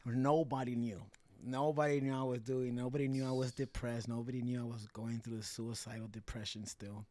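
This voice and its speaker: A young man talks openly about his past as a podcast guest, in a voice of middling pitch. He swears freely, switches between English and mid-sentence, and keeps his telling lively. The sound is dry and close, with no room around it. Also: brisk, no room sound. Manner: mixes English and Spanish, swears freely, animated. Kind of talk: casual candid storytelling.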